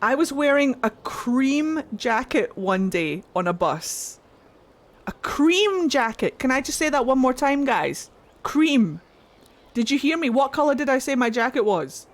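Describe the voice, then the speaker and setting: A woman streamer in casual chat, swearing freely as she tells an animated story. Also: sits high, moderate pace, hardly any pauses.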